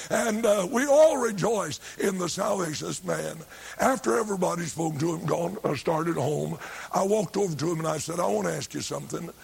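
Gravelly older preacher. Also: male voice, high-pitched. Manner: fervent, rising to shouts when quoting. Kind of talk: revival sermon storytelling.

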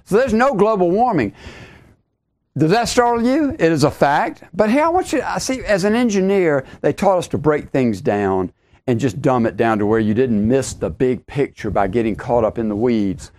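A man's voice: medium pitch, animated, normal speed, darkish tone. A middle-aged man preaching a podcast sermon, emphatic, repeating his key lines and rising sharply on exclamations.

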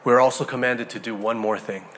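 A middle-aged man preaching a sermon, telling a personal story in a conversational, animated way with frequent restarts. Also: mid-range voice, brisk. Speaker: pastor.

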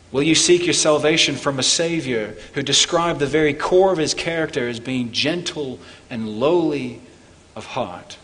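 A man preaching a Christmas sermon as pastor, earnest, climbing for emphasis and falling low and quiet on key points. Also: unhurried, big-room sound. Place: church.

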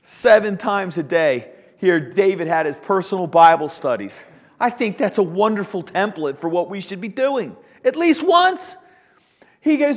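High-voiced man teaching Bible class. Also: a little slow, big-room sound, muffled recording. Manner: animated, preacherly, chuckles now and then. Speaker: Sunday school teacher. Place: church classroom.

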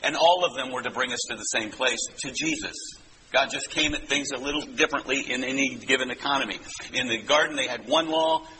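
A male pastor preaching with a very bright, sharp and forceful tone. He teaches in a conversational way, breaking off for quick asides to his congregation, over a faint hiss in the background. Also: mid-range voice, rough recording. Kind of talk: sermon.

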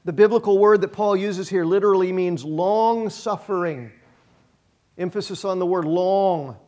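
A man's voice: high voice, moderate pace, mellow. A middle-aged male pastor preaching a sermon in a conversational, self-deprecating way, repeating phrases for emphasis.

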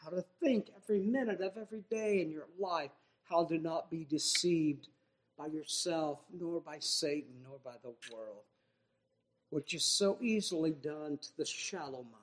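A man preaching a sermon, mocking swindlers with joking asides and swinging from loud exhortation to a hushed near-whisper. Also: on the high side, normal speed.

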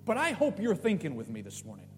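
High-voiced preacher in an echoey hall. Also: male voice, wildly swooping pitch, fast talker, a little hiss or hum. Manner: preaches with rising emphatic questions. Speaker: pastor. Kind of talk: sermon.

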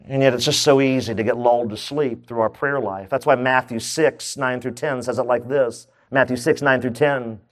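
A middle-aged male pastor preaching a sermon in an emphatic style, with comic asides and sudden jumps up in pitch. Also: steady tone, normal speed, few pauses.

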